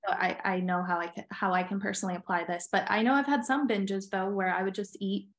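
A woman hosting a podcast who asks her guest a question. She pauses with fillers and restarts as she works her way toward the point. She talks in a casual, reflective way. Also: medium pitch, steady tone. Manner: thoughtful, hesitant with fillers. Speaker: podcast host. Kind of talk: casual interview talk.

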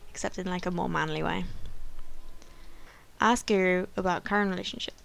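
Excitable woman with a gravelly edge. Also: on the low side, unhurried, long pauses. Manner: excitable, gasps and squeals often. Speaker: gaming channel host. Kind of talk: let's play commentary.

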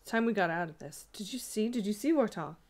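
A woman's voice: medium pitch, expressive, fast, darkish tone. A woman reading aloud, voicing an obstinate, superstitious village mayor who grows fearful. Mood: uneasy. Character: stubborn, superstitious old village mayor, frightened. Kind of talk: audiobook reading.

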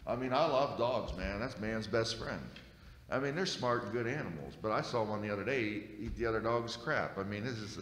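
A man's voice: on the low side, animated, normal speed, fairly bright tone. A male pastor preaching a sermon in a folksy, conversational way, dropping in frequent amens. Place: church sanctuary. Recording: echoey church hall.

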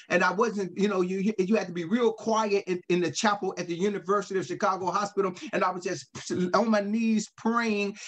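A man's voice: high-pitched, fairly bright tone. A male pastor preaching a sermon, telling stories in a repetitive, emphatic way with casual dialect.

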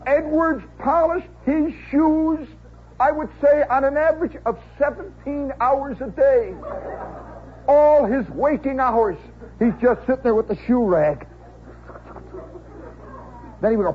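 Forties american guy, radio storyteller, wry and chatty, higher voice, faint hiss on an old tape. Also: phone-quality sound. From United States. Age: 40s. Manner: wry, conversational, chuckling asides. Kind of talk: rambling comic storytelling monologue.

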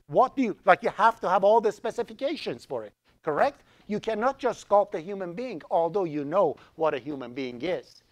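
A middle-aged man who grew up speaking Azerbaijani, teaching a college programming class in a lively, joking way and putting questions to the students. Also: sits high, moderate pace. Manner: lively, asks the class questions, jokes around. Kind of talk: live classroom lecture.

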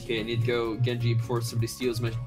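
Relaxed man teaming up in a game, quick short reactions, game music under him. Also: mid-range voice. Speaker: co-player. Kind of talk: casual gaming chat.

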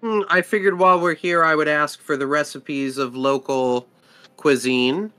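A man narrating as game master of a tabletop game, slow and halting with many fillers. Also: a little high, steady tone, sharp tone.

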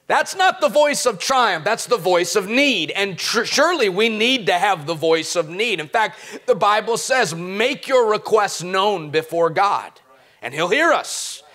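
A middle-aged male pastor preaching a sermon, swinging from quiet talk to impassioned shouts. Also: sits high.

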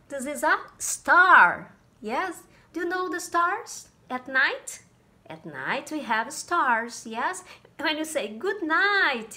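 A woman teaching English to small children, slowly repeating simple words and making animal sounds. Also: a little high, bright, forceful tone. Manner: slow, sing-song, repeats words, makes animal sounds. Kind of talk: slow, simple classroom lesson for small kids.

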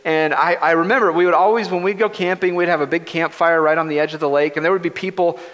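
A man preaching a conversational sermon as pastor, telling stories in a relaxed, anecdotal way, recorded in a church sanctuary. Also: a little high, fast talker. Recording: reverberant, dull lo-fi livestream audio.

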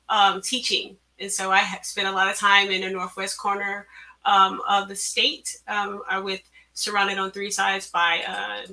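A woman author reading her own story aloud, measured and careful, at an online event through a computer mic. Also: mid-range voice, creaky, pushed and bright. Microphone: computer mic on a video call.

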